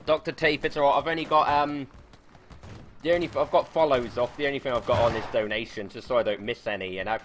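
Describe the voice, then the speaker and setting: A man giving casual, excitable and sweary commentary while livestreaming a game and talking to his chat. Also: medium pitch, quick pace, slight background noise. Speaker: game streamer.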